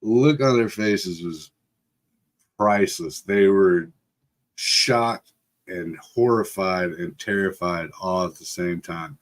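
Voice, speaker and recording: A man's voice: deep voice, slow pace. A middle-aged man from Texas telling a rambling story on a livestream, with lots of fillers and frequent laughs. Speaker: livestream host. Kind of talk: casual storytelling.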